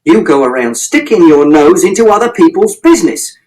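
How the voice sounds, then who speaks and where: A man reading as an angry, exasperated middle-aged father, speaking low and clipped and swearing at his son. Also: very animated, fairly quick, a little mellow, low-quality recording. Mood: furious. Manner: low, clipped, swearing through gritted teeth.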